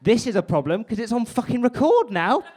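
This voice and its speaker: A man's voice: very high voice, sing-song, fairly quick, a crowd in the background, background noise. A man doing stand-up, chatty and rambling, swearing often. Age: 20s. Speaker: stand-up comedian. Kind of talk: stand-up comedy with crowd work. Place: comedy club stage before a live audience.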